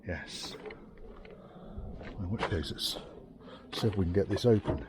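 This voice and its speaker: A man with a fairly low voice gives casual running commentary outdoors in the rain. He sounds worn out, mutters to himself, swears freely and drops dry asides. Faint noise sits behind him. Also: unhurried. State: tired and soaking wet. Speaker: classic car restorer vlogger.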